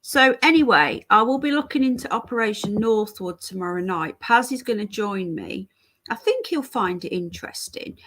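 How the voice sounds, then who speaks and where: A British woman with a British English accent hosts a casual livestream, rambling as she reads and answers viewer comments as they arrive. Her voice is medium-pitched, expressive, and fairly bright, at a moderate pace.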